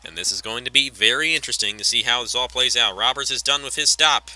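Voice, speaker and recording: A man calling a race play-by-play, quick and chatty, often correcting himself mid-sentence and wandering into offhand asides. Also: medium pitch, pushed and bright, rough recording. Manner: rapid call with self-corrections and chatty asides. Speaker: race commentator.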